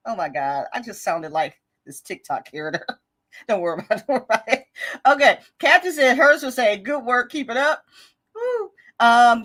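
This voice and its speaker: A woman hosts a live stream in a bright, fairly high voice that swoops up and down with a very animated delivery. She reads viewer comments aloud in a casual, chatty tone and cheers people on, laughing often along the way. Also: normal speed. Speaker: host of a budgeting live stream.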